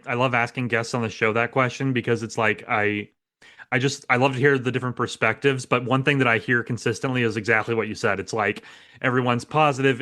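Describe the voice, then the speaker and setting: A man's voice: medium pitch, pushed and bright. A man hosting an interview podcast, chatty and friendly, laughing often and restarting his sentences. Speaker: podcast host. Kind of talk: casual interview chat.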